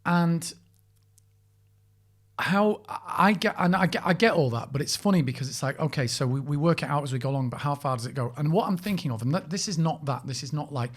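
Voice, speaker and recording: A man's voice: on the high side, fairly quick. A middle-aged British man, an actor co-hosting a podcast, telling a meandering story full of restarts and the odd swear. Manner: rambling storyteller, many restarts, swears when animated. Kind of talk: casual chat.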